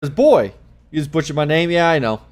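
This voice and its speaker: A young man hosting a casual live stream, excitable, swearing a lot and laughing often. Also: on the high side, fairly quick.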